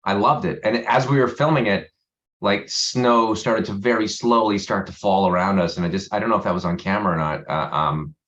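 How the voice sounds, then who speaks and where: A man with a very low voice talks about his work in a loose, rambling way, often starting over mid-sentence. His audio comes through dull and lo-fi, the way a video call does. He laughs easily as he goes. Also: a little fast, fairly bright tone. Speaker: actor guest. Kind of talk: casual interview chat.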